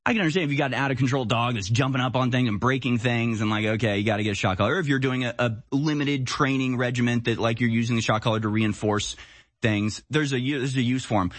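A man's voice: mid-range voice, quick pace, dry recording. A man hosting a live-stream political commentary show, talking bluntly and heatedly in a casual way.

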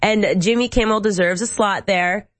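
Female co-host, mid-pitched, scornful chatty banter, quick laughs. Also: steady tone. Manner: mocking, laughs often. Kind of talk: political talk show banter.

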